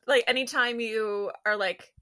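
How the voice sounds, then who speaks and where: A woman's voice: fairly high pitch, fairly even intonation, measured pace, a crowd in the background. A woman co-hosting a podcast in casual chat, laughing often and hunting for words with many fillers. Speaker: podcast co-host.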